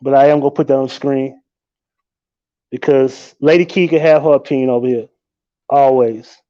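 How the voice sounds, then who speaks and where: A man hosting a live stream, talking in a casual, animated and profane way, often breaking into laughter. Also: mid-range voice, normal speed, highs cut off.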